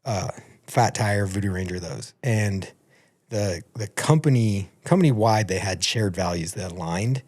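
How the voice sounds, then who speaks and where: Animated man telling a profane story. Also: fairly low pitch, a little slow. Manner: animated, profane, acts out quotes in a raised voice. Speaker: podcast guest. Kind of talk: casual storytelling.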